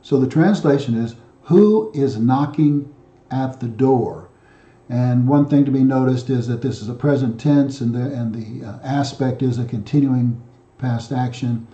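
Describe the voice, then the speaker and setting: Male teacher, very dark mellow tone, methodical and repetitive delivery; roomy, slightly muffled recording. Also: medium pitch, fairly even intonation, normal speed. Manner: methodical, repeats himself with frequent fillers and restarts. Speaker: Greek teacher. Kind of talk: explaining grammar exercises.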